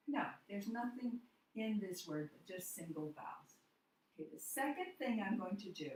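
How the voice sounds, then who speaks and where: A woman teacher giving a phonics lesson at a board, slow and deliberate, asking questions and answering them herself. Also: mid-range voice, echoey room, poor audio.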